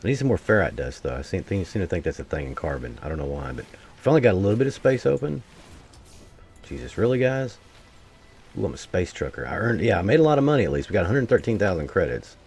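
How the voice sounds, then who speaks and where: A man's voice: low-pitched, very animated, fast, darkish tone, slightly rough. A man giving casual gameplay commentary, swearing freely and grumbling to his viewers as he plays. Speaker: gameplay streamer.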